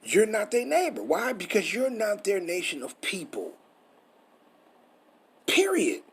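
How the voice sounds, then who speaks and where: Man, preacher, husky voice, slightly high pitch, emphatic, profane, rhetorical questions. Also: very animated, moderate pace. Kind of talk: street-style scripture teaching.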